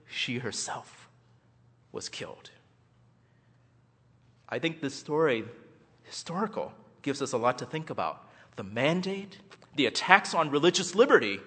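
In a large, echoing hall, a man speaking as a guest at a church event gives a fervent, emphatic address. His medium-pitched voice swings widely, pushed and bright with a breathy edge, at normal speed, rising and falling for dramatic effect.

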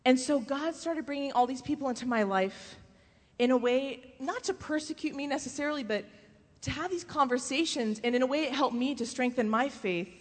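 A woman with a fairly high voice tells humorous faith stories to a live audience. She is an animated storyteller who slips into other people's voices and laughs easily. Her voice rings out with the long reverb of a large hall. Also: fairly quick. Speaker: speaker giving a faith talk.

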